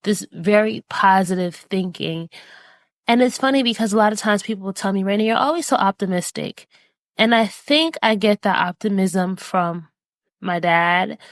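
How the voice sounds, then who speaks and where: A woman's voice: mid-range voice, normal speed, dry recording. A woman hosting a podcast, talking earnestly and encouragingly about life lessons, with casual fillers. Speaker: podcast host. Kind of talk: reflective personal talk.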